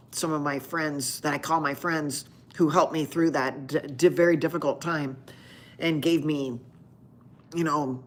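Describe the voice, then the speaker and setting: A woman doctor with a low-pitched voice hosts a live Q&A stream. She chats casually with viewers and tells a rambling story full of restarts.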